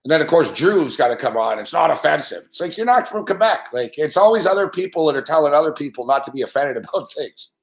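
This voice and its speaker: A man's voice: on the high side, expressive, fast talker, hardly any pauses, echoey room. A man hosting a sports betting show live, ranting in a casual, profane, rambling way and laughing often. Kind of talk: casual live-stream rant.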